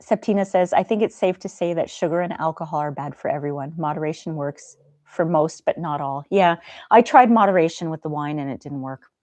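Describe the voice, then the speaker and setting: A middle-aged woman hosts a casual live-stream chat, gentle and talkative, reading out viewer comments as she goes. Her voice sits a little low. The sound is dry and close. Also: a little fast, no echo. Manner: gentle, chatty, reads viewer comments aloud.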